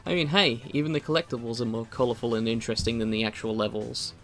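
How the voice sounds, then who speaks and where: A man's voice: medium pitch, fairly even intonation, fast talker, over loud music. A man reading a scripted video game review as a voice-over, with wry, opinionated asides.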